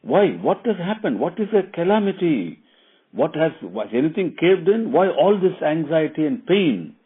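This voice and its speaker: A man's voice: medium pitch, very animated, a little fast, husky, voice pushed up. A man voicing an anxious queen who pleads and presses with questions in a storytelling lesson. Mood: fearful. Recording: tinny phone-like line.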